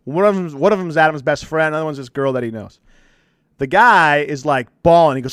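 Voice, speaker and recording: A podcast co-host who works as a counselor tells a story in casual chat, speaking fast in a voice on the high side. He's animated and acts out the voices of people he quotes. The sound is clean studio quality with no echo.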